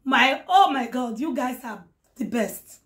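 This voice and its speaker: A woman vlogger with a hoarse voice, talking warmly and effusively to her followers, blessing them and repeating her words. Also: high voice, lively intonation, unhurried. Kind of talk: casual talk to followers.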